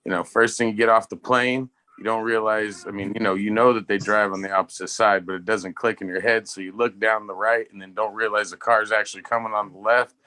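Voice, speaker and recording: A man's voice: fairly low pitch, fairly even intonation, fairly quick, hardly any pauses, bright, forceful tone. A man co-hosting a casual pop culture live stream, telling rambling, profane anecdotes. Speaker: podcast co-host. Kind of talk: casual chat, storytelling.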